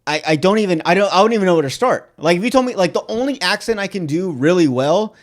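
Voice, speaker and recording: Lively rambling podcast guy. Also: high-pitched, fast talker. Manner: rambling, restarts mid-thought. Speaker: podcast co-host. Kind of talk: casual chat.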